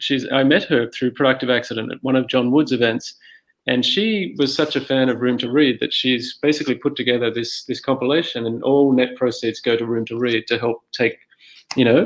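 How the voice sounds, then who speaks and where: A man hosting a podcast, chatting casually and relaxed, with many "um" and "uh" fillers. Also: mid-range voice, rough recording. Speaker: podcast host. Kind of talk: casual interview chat.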